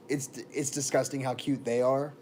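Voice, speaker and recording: A young man talks casually on a livestream, rambling through stories and greeting viewers by name. His pitch sits in an ordinary middle range. A faint hum stays underneath the whole recording. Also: darkish tone. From born in Texas, raised in Florida.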